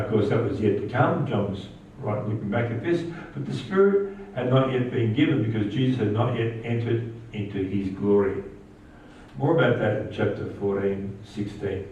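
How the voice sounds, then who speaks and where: Male pastor, animated sermon delivery, heard from a distance in an echoey church, slightly dull sound. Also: a little hiss or hum. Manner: animated preaching, rising pitch on quoted lines.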